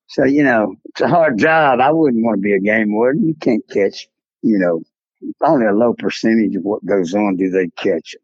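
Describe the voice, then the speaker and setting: A man's voice: fairly low pitch, moderate pace, darkish tone, slightly rough, dry recording, muffled recording. An older man with a Texan accent, telling a rambling story as an interview guest. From South Texas. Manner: drawling, rambling storyteller, acts out voices in quotes.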